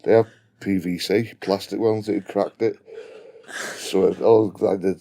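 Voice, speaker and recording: A man's voice: low-pitched, fairly even intonation, a little slow, vocal fry, warm tone, a little hiss or hum. A man with a broad Liverpool accent telling a profane, blunt anecdote in casual chat. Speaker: guest storyteller.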